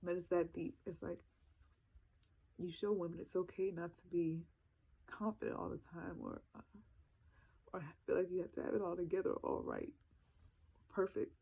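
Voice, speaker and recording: A woman vlogging on her phone, crying and halting, with many fillers and soft laughs. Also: on the low side, big pitch swings, vocal fry, slightly rough. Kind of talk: emotional casual phone vlog. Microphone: handheld phone. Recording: phone-like lo-fi sound.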